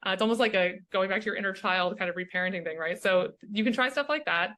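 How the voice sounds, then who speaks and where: Woman guest, coach type, crisp bright tone, earnest and reflective delivery with frequent check-ins. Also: medium pitch, fast, hardly any pauses. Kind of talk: casual interview chat.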